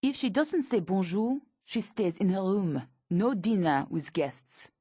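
A woman voicing a strict mother who insists on manners, with a slow, measured delivery. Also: medium pitch, expressive, mellow, husky, dry recording. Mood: firm. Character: strict French mother, firm about manners.

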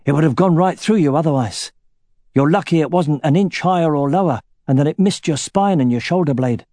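A steady, practical soldier talks calmly about cutting out an arrow, voiced by a man narrating a storybook. His tone is mellow and plain, recorded dry. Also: fairly high pitch, brisk, dry recording, pitched above the performer's own voice, lightly acted. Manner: calm, matter-of-fact.

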